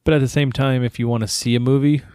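A man's voice: mid-range voice, flat delivery, quick pace, mellow, no room sound, clean studio sound. A man in his thirties chatting casually as a co-host, telling stories with laughter and casual swearing. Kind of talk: casual chat.

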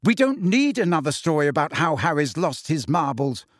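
Man doing Hermione Granger, a crisp sharp-tongued schoolgirl. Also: fairly high pitch, sing-song, normal speed, no echo, clean studio sound. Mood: angry. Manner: crisp, scathing, firm. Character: clever bossy teenage schoolgirl, sharp-tongued.

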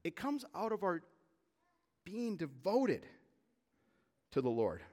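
A man preaching a sermon as pastor, talking casually and getting worked up in quick, indignant bursts. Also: high voice. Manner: animated, gets worked up, fast bursts of indignation. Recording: long hall reverb.

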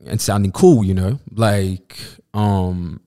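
A man's voice: low-pitched, slow pace, dark tone. A young Australian man with an Australian accent, chatting casually and rambling with many fillers and restarts. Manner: rambling, lots of fillers and restarts, swears freely. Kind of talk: casual podcast chat.

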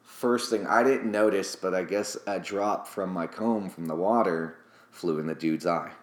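A man's voice: sits low, measured pace. Chatty barber man in an echoey room. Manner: chatty, laughs often, self-deprecating. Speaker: barber, interview guest. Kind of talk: casual storytelling.

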